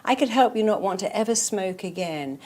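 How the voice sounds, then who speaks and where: Background noise accompanies a woman therapist guest speaking a little fast in a medium pitch with lively intonation. Her motivational interview talk is emphatic and repetitive, mixing stories with repeated affirmations.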